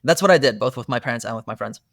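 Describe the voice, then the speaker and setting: A man's voice: mid-range voice, racing, gravelly, no room sound. Earnest young man, dry close mic. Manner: earnest, animated storytelling with many fillers. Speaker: therapist guest. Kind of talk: casual podcast conversation.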